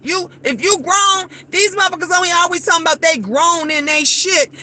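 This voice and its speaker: A woman in her fifties talks straight to her phone camera after her shift, blunt and animated, acting out the people she quotes. Her voice sits high and bright. A faint hum of a vehicle runs underneath. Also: brisk. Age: 50s. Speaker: vlogger. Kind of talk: casual chat.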